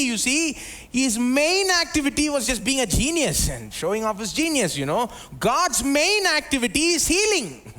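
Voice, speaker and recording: Guy preaching a sermon, pretty high voice for a man, chatty, keeps asking the crowd questions. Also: fairly bright tone. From India. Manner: conversational preaching, many rhetorical questions and "you know". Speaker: pastor. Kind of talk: live sermon. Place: church service before a congregation.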